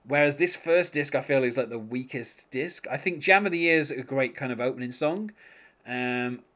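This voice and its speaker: Here a man hosts a music-review podcast in casual conversation, stumbling through many fillers and restarts. He speaks at a medium pitch and moderate pace, with a fairly bright tone.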